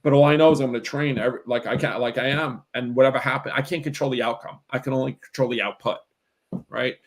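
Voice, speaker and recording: A man's voice: medium pitch, fairly even intonation, fast talker. A middle-aged man coaching in an emphatic live Q&A, often checking in with "right?". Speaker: real estate coach. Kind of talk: motivational live Q&A talk. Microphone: video call.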